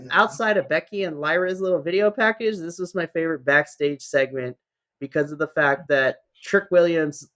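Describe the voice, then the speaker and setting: A co-host on a casual wrestling review podcast with a mid-pitched voice. The talk is enthusiastic and chatty, full of quick asides. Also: a bit bright.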